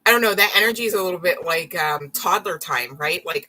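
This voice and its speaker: Low, bright-voiced woman reading tarot. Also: fairly quick, a little hiss or hum, rough recording. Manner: rambling and frank, swears, apologizes often. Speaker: tarot reader. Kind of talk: live-stream tarot reading.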